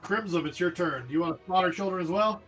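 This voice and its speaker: Male game master, high voice, animated and jokey, faint music underneath. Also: fast. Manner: animated, jokey, describes vividly. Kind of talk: narrating a tabletop game. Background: faint background music.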